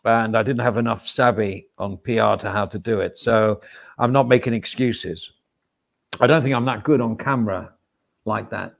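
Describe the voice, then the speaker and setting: A middle-aged man talks loosely to his livestream viewers, his voice rough with a steady gravelly fry. He rambles from one aside to the next, often filling gaps with small words. He pokes fun at himself in an easy, chatty way. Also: lowish voice, moderate pace. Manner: rambling and self-deprecating; chatty, with frequent fillers and asides. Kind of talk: casual livestream chat.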